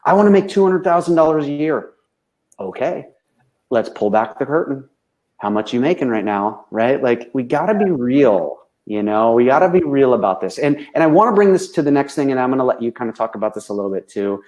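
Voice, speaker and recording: A man in casual conversation, speaking as a business coach. He talks frankly and with real animation, and he keeps checking in with a quick "right?" after almost every sentence. His voice sits at an everyday middle pitch. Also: expressive, a little mellow, highs cut off. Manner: tags nearly every sentence with a questioning "right?".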